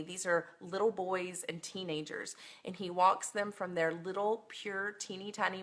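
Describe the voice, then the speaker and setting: A woman's voice: on the low side, fairly bright tone. A woman teaching a Bible lesson on a phone livestream, earnest and emotional, with many ums.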